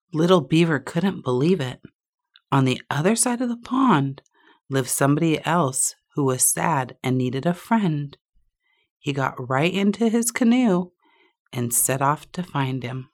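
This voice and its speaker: A woman storyteller telling a children's tale slowly and expressively, with lots of repetition. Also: low-pitched, lively intonation, a little mellow.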